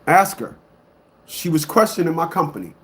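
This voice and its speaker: A man giving a blunt, emphatic monologue to a live audience as an online commentator. He repeats himself often and swings between loud outbursts and low muttering. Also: sing-song, normal speed.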